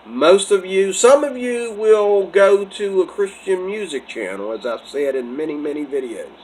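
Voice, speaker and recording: A man's voice: high-pitched, expressive, normal speed, darkish tone, slight background noise, rough recording. Rambling man preaching to camera. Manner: rambling, repeats and restarts, bursts into laughter. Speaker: religious vlogger. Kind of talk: casual preaching monologue.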